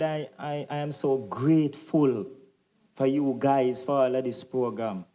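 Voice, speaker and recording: A man's voice: mid-range voice, measured pace, dark tone. A man giving a grateful parent testimonial at a symposium, fervent and repeating his thanks and blessings. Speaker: parent speaker. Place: symposium hall.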